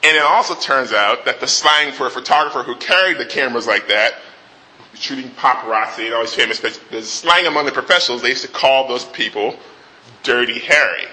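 A man retelling a movie scene in an animated way before making his point. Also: medium pitch, fairly quick, a little hiss or hum, rough recording. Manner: animated retelling with restarts and acted quotes. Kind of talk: storytelling lead-in to a talk.

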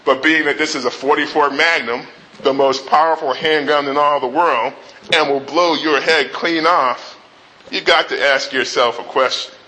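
A man voicing a tough male cop who slowly taunts a robber, in a bright, forceful voice. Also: fairly high pitch, steady tone, rough recording. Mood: menacing.

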